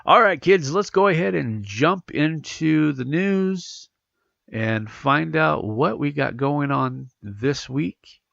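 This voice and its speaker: A man hosting a casual solo podcast, rambling and animated, sounding congested from allergies. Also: a little high, slow, vocal fry, no echo, highs cut off. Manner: rambling, animated, self-correcting. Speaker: podcast host.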